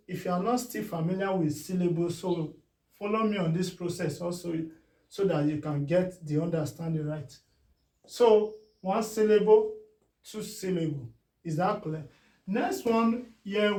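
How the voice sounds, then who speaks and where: A man teaching a beginners' spelling lesson, repeating each word slowly and often asking whether it is clear. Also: sits high, mellow. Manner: slow and deliberate, repeats words and checks understanding. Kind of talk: classroom phonics lesson. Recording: echoey room, voice from a distance.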